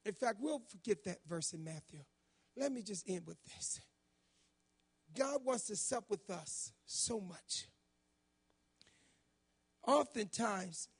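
A middle-aged pastor with a very high voice and a husky, breathy edge. He tells personal stories from the pulpit, animated and swinging between low, soft moments and shouted punchlines. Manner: animated storytelling, rising to shouts when quoting.

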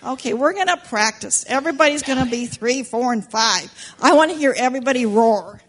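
A woman teaching Sunday school, telling a story to children in an animated, playful way and asking them questions. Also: high voice, a little fast, a little hiss or hum. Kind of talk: storytelling demonstration lesson for children. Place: church classroom with children.

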